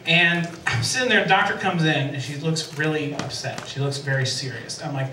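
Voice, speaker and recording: A man's voice: on the high side, lively intonation, a little fast, slight background noise. A man doing a self-deprecating stand-up comedy set as emcee on a sports bar stage, laughing at his own jokes. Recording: echoey bar from a distance.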